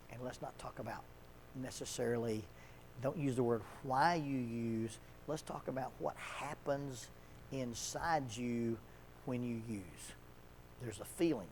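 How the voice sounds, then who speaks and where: A man leading an addiction seminar at a church, talking in a relaxed, conversational way, telling stories and chuckling often. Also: mid-range voice, a little hiss or hum. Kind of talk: casual seminar talk.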